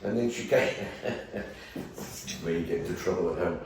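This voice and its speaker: A man's voice: deep voice, normal speed, darkish tone, a little hiss or hum. An older man with a Birmingham accent, telling rambling, jokey anecdotes and swearing casually as a guest actor taking audience questions. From England. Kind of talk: anecdotal talk and Q&A. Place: event room before a live audience. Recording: roomy hall, distant mic.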